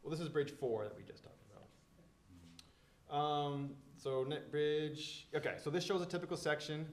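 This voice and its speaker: A man's voice: on the high side, normal speed, echoey room. A man presenting engineering plans at a public meeting, explaining in a loose, filler-heavy way.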